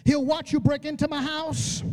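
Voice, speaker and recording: A man's voice: very high voice, little pitch movement, normal speed. A man preaching a sermon with fervent, repetitive exhortation, often adding "uh" before his phrases. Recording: loud music behind the voice.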